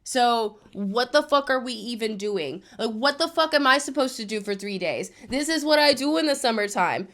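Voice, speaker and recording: A woman's voice: a little high, animated, normal speed, hardly any pauses, fairly bright tone. A young woman recapping a reality show to her viewers, ranting in exasperation and swearing often.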